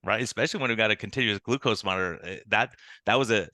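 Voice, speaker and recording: A man, an internal medicine doctor, telling animated stories as a podcast guest and acting out the people he quotes. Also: on the low side, fast talker, no echo. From United States. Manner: animated storytelling with quoted dialogue. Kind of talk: conversational interview.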